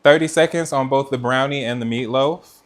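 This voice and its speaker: A man hosts a live cooking stream from a kitchen in a relaxed, chatty way, turning to his viewers and reading out their comments as he works. His voice sits at an ordinary middle pitch. He speaks into a mic with noise cancellation. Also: normal speed. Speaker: cooking livestream host. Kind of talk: casual live chat while cooking.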